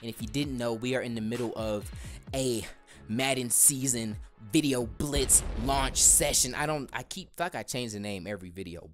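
A man hosting a gaming video, giving excited gameplay commentary, shouting at big plays and trash-talking in slang. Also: medium pitch.

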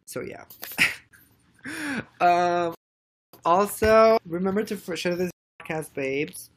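A young woman chatting casually on a live stream, rambling and excitedly thanking viewers by name. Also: on the low side, takes it slowly, a little hiss or hum. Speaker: livestreamer.

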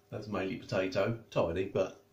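A man's voice: deep voice, a little mellow, muffled recording. A man chatting casually as he reviews food, tasting and eating while he talks. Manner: chatty, tastes and eats while talking. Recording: echoey room.

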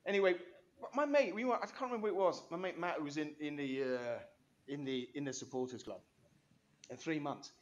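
A man's voice: a little high, brisk, lo-fi sound, a little hiss or hum. Enthusiastic man in his fifties. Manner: enthusiastic, rambling, many restarts and asides. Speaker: guest. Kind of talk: animated storytelling interview.

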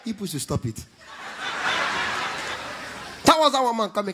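A man with a Nigerian accent doing a lively stand-up routine at a church event, telling stories in pidgin and breaking into gospel song. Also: sits high, measured pace, noisy background. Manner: animated storytelling, mixing pidgin, bursting into gospel song. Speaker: stand-up comedian.

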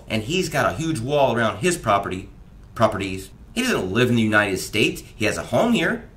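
A man's voice: medium pitch, a bit bright. A man, delivering an agitated opinion monologue full of rhetorical questions. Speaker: political commentator.

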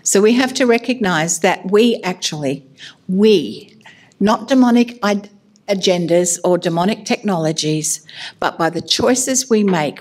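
A woman's voice: fairly low pitch, a little mellow. A middle-aged woman giving a sermon as a minister, candid and self-mocking, laughing at herself as she talks.

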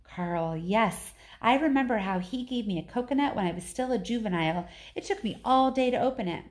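Gentle old lady elephant reminiscing softly, a woman reading her lines, storybook voice. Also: a little high, animated, a little fast, natural voice. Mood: wistful.

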